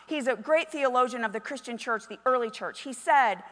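A middle-aged woman pastor preaching a sermon, moving from soft storytelling to loud, emphatic calls. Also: fairly high pitch, a little fast, hardly any pauses. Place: church sanctuary. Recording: long reverb of a large hall.

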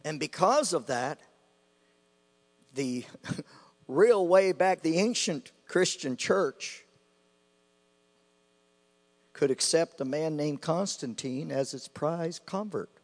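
Impassioned preacher in a reverberant hall. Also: male voice, a little high, animated, slow pace, pauses often. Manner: impassioned, rising and falling sharply, repeating phrases. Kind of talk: sermon. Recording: long hall reverb with mains hum.

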